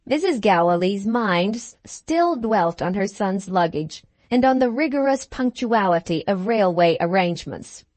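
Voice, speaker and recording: A woman reads a classic novel aloud in a measured, expressive way. Her voice sits in a middling register and the recording is dry and close, with no room sound. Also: mid-range voice, no echo. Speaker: audiobook narrator. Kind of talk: scripted narration.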